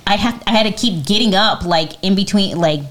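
A woman's voice: mid-range voice, fairly quick. A woman in her forties co-hosts a live podcast in a casual, chatty way. She tells stories freely and laughs often as she talks. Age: 40s. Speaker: podcast co-host.

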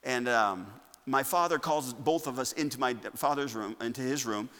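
A man preaching a sermon to his church, moving between loud declarations and quiet asides. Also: medium pitch, moderate pace. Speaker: pastor. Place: church sanctuary. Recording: long reverb of a church hall.

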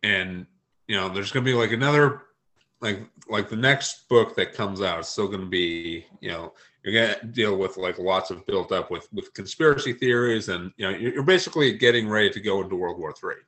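Casting note: male author guest, lowish pitch, bright edge, hesitant and low-key. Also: a little fast. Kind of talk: casual interview chat.

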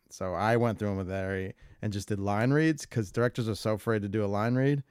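A man's voice: lowish voice, a little fast, darkish tone, smooth, dry recording, studio quality. A man co-hosting a podcast, chatting casually in a rambling, jokey way that often trails off. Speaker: podcast co-host. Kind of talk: casual chat.

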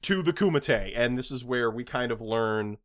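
A man co-hosting a podcast, casually recapping a movie in an animated, joking way with many restarts. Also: medium pitch, normal speed. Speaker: podcast co-host.

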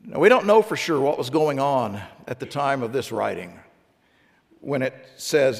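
A man's voice: mid-range voice, lively intonation, normal speed, gravelly, in a large hall. A middle-aged man preaching a sermon as a pastor, asking his congregation one rhetorical question after another.

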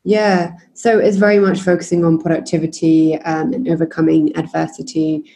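Woman podcast host on a video call, low mellow voice, relaxed, lots of ums. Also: moderate pace, vocal fry, slight background noise. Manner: relaxed, many fillers, laughs easily. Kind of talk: casual interview chat.

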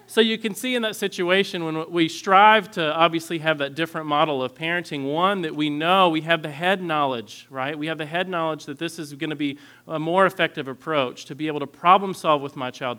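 A man's voice: fairly high pitch, normal speed, sharp tone. Earnest man lecturing on parenting. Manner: earnest, candid, frequent throat clearing. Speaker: parenting instructor.

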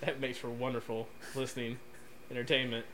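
A man co-hosting a casual podcast, teasing his friend in a deadpan way. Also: medium pitch, brisk, noisy background. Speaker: podcast co-host.

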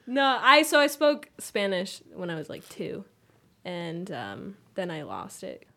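A woman's voice: lowish voice, huge pitch swings, a little slow, a bit bright. Young female college-age guest, chatty podcast talk, lots of filler. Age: young adult, college student. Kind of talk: casual podcast chat.

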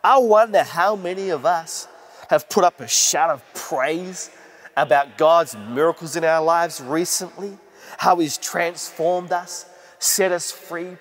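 An earnest male pastor preaches with rising emphasis in a fairly high voice. His words ring out with a long reverb in a church hall. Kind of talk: sermon.

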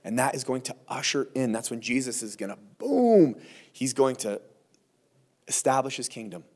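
A middle-aged man preaching a verse-by-verse sermon, a mid-pitched voice that stays conversational. He is animated, slips in playful asides and briefly acts out quotes before returning to the text. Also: normal speed. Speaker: pastor.

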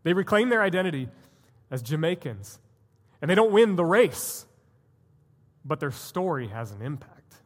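A man's voice: on the high side, big pitch swings, normal speed, pauses often, in a large hall. A man preaching a sermon as a pastor, telling a story earnestly and building to emphatic points. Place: church sanctuary.

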